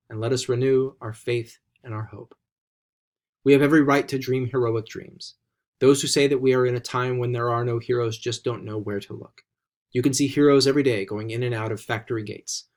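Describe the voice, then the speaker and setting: An older American man in his sixties delivers a formal address from a prepared text. His pitch sits in an ordinary middle range, and he builds his phrases in a measured, rhetorical way, slowing down on the key words for emphasis. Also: a little mellow. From United States. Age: 60s. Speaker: president giving an inaugural address. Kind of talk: formal ceremonial speech.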